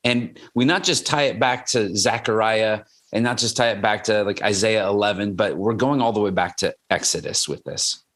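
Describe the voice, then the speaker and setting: Lowish-voiced man rambling through a point. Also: moderate pace, hardly any pauses, a bit bright. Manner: rambling, repeats words when starting sentences. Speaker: podcast co-host. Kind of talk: casual Bible discussion.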